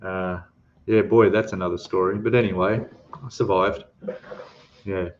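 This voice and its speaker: An Australian man hosts a laid-back livestream and wanders from one thought to the next. His voice sits a bit low, and he greets each viewer as "mate". The stream audio is dull and lo-fi. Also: fairly even intonation, measured pace, slight background noise. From Queensland, Australia. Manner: rambling, greets chatters warmly with "mate". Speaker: livestream host. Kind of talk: casual livestream chat. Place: home in Thailand.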